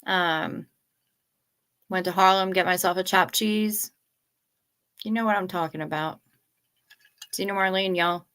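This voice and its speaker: A woman's voice: on the low side, steady tone, measured pace, long pauses, a bit bright, clean tone. A woman in young adulthood hosting a casual late-night livestream, chatting, reading out viewer comments and swearing freely. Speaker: livestream host.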